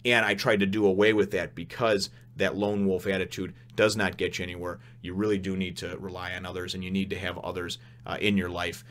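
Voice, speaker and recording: A man's voice: low voice, little pitch movement, fairly quick, few pauses, a bit bright, slight background noise. A man giving a casual review of a manga chapter, rambling and candid, with frequent restarts.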